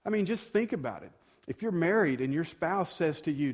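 A man's voice: on the high side, lively intonation, a little fast, slightly rough. A male pastor giving a sermon in a conversational tone, acting out quoted dialogue and building to moments of emphasis.

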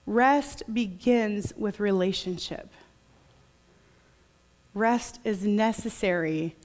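Her voice a little high, a woman delivers a conversational sermon to a congregation, reading scripture in a quiet, reflective way.

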